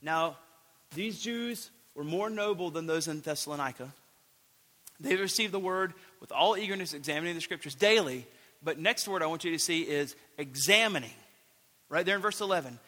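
Earnest high-voiced man preaching in a hall. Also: normal speed, pushed and bright. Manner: earnest, emphatic, builds with repeated phrases. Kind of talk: sermon.

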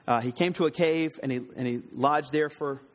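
A man preaching an earnest, conversational sermon, slightly hoarse, often restarting his sentences. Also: fairly high pitch, fairly quick, long reverb tail. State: slightly hoarse, throat trouble.

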